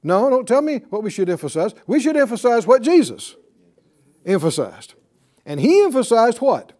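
A man's voice: very high voice, very animated, moderate pace, darkish tone. A man teaching a Bible class in a preaching style, repeating key words and calling on the class to answer. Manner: emphatic, repeats key words, calls for responses.

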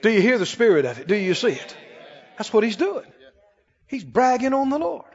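A man preaching a sermon, swinging from booming scripture reading to quiet, quick asides to the congregation. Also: very animated. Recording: muffled sound in a long reverberant hall.

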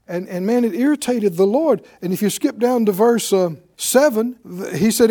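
A man's voice: sits high, animated, moderate pace, mellow. A man preaching a sermon, reading scripture aloud with rising emphasis and leading his congregation in call-and-response.

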